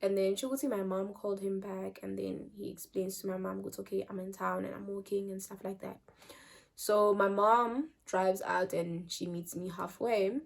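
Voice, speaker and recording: A young South African woman tells a story to her channel in an animated, chatty way. Her voice sits at a middle pitch, jumps up loud for emphasis and drops to near-whispers as she trails off. She drops local phrases into her talk with ease. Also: normal speed, vocal fry. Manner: animated, mixes in Zulu phrases, loud bursts then trails off quietly. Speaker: vlogger. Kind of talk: casual storytime.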